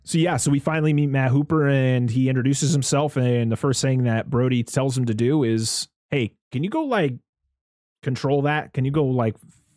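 A man talks through a film in casual chat, restarting his thoughts and laughing as he goes. His voice sits at a middle pitch. The sound is dry and close. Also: a little mellow, no room sound. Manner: rambling, self-interrupting, laughs often, acts out quotes. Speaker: podcast co-host.

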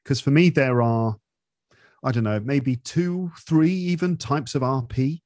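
A man from England speaks in a modern Received Pronunciation accent, with faint Midlands and London traces. His tone is chatty and explanatory, and he thinks aloud with frequent hedges. His voice sits at a middle pitch, and the sound is dry and close. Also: unhurried, darkish tone, no room sound. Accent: modern Received Pronunciation, slight Midlands and London traces. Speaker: English teaching podcast host, interview guest. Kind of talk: casual explanatory chat.

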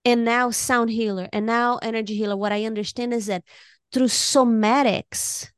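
A woman co-hosting a conversation show, speaking as a therapist with an expressive, heartfelt delivery. She often restarts her sentences by repeating a word or two. The sound is dry and close. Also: on the high side, normal speed, smooth, no room sound. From Latino community. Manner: expressive, warm-hearted, repeats words when starting a thought. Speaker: podcast co-host and music therapist. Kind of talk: casual conversation.

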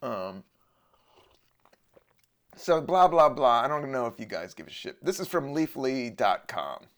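A man's voice: mid-range voice, very animated, unhurried. A man from the Washington DC area hosting a podcast in a loose, wandering, jokey monologue, swearing casually. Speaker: podcast host.

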